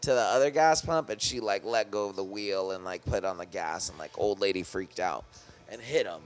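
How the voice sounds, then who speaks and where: A man's voice: on the low side, fairly quick. A young man co-hosting a podcast in loose, rambling casual chat, full of slang and swearing. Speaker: podcast co-host.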